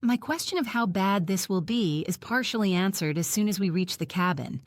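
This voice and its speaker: A woman narrating an audiobook in the first person, reading in an even, measured way. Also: medium pitch, dry recording, clean studio sound.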